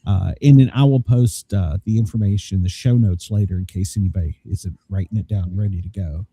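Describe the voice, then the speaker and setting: A man's voice: deep voice, fairly quick, mellow, husky, no room sound. A man hosting a podcast in casual chat, talking loosely with many fillers. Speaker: podcast host.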